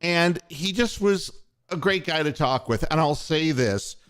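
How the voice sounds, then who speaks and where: An older man hosts a sports talk show in a rambling, profane storytelling manner. His voice sits a little high and swings through a very animated range of pitch. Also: unhurried, clear, resonant tone. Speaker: podcast host and former radio station boss.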